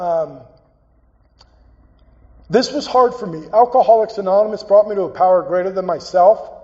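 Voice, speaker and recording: A man giving a personal, earnest recovery talk as a guest speaker, halting and repeating phrases as he tells his story. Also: high-pitched, a little mellow. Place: meeting hall. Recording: dull, echoey hall recording.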